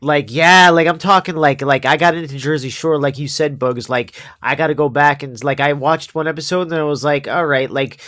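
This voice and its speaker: A man's voice: on the high side, steady tone, fairly quick, few pauses, a bit bright. A man co-hosting a casual podcast, joking and peppering his talk with "like" and "bro". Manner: joking, heavy use of "like" and "bro". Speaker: co-host.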